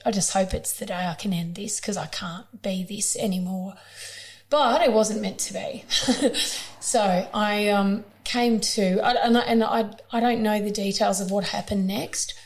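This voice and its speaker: An Australian woman speaks as a guest on a conversational podcast. She is candid and raw, her voice sitting at a middle pitch, and she drops in blunt swear words as she talks things through. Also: fairly even intonation, normal speed. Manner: frank and emotional, with blunt swearing.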